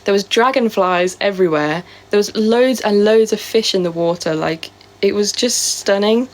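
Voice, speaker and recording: A woman's voice: mid-range voice, moderate pace. A woman live streaming in casual, rambling chat, answering viewer comments, with a sore throat. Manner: chatty and rambling, with many fillers.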